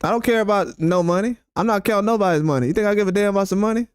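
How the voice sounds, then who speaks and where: A man's voice: high voice, very fast, smooth, dry recording, studio quality. A man hosting a boxing channel, ranting bluntly and heatedly at his chat with repeated, profane jabs. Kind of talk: live-stream rant responding to chat.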